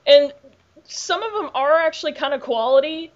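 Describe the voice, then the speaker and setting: A woman's voice: high voice, lively intonation, moderate pace. A woman hosting a podcast in casual chat, talking loosely with lots of "like" and the odd swear word. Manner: chatty, profane, filler-heavy with "like". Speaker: podcast host. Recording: dull lo-fi podcast audio.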